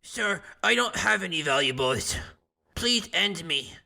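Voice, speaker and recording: A groveling little goblin king, put on by a man running the game begs in a high, slow, deeply gravelly whine. The voice is sharp and bright, every word stretched out as he pleads. It belongs to a comedic tabletop podcast. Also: animated, exaggerated voice. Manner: begging, groveling. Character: pleading male goblin king, small, immortal. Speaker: game master voicing a character.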